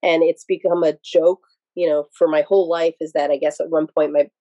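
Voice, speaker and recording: Woman guest from Pennsylvania, lowish and warm, casual and rambling, dry close recording. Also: level tone, brisk, dry recording, muffled recording. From Pennsylvania, USA. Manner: rambling, digressive, many restarts. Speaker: podcast guest. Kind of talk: casual interview storytelling.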